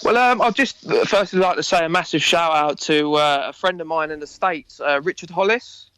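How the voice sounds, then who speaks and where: A man's voice: on the high side, moderate pace, bright, forceful tone, smooth, no room sound, rough recording. A man with an Essex accent talking enthusiastically and ramblingly about his acting work in a casual interview. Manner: enthusiastic, rambling, laughs often. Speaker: actor interviewee.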